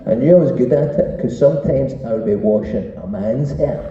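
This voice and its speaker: A man's voice: mid-range voice, fairly quick, dark tone, a little hiss or hum. A young Scottish man doing a stand-up routine, brash and sweary as he tells stories. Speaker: stand-up comedian. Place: comedy venue. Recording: echoey venue, distant, dull sound.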